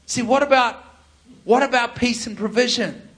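Preacher, male, high voice, animated storyteller, acts out voices for a live crowd. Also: normal speed. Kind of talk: sermon with storytelling.

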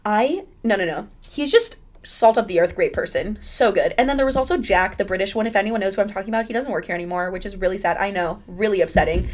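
A woman's voice: mid-range voice, fast talker, hardly any pauses. A young woman hosting her own podcast in casual chat, rambling and chatty, with lots of fillers and laughter. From United States. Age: young adult. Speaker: podcast host.

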